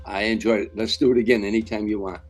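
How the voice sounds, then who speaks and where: An older man, a veteran comedian, telling lively anecdotes in an interview and acting out the voices of people in his stories. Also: fairly low pitch, fast, slightly rough, soft background music. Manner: animated storyteller, acts out quotes. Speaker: guest comedian. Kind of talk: storytelling interview.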